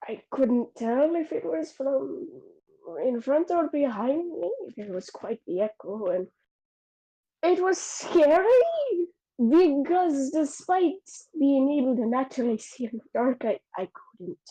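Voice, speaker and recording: Woman as shaken male adventurer; hesitant tabletop recounting, high and slow. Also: sing-song, warm tone, heavily acted, low-quality recording. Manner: halting, hesitant in-character recounting.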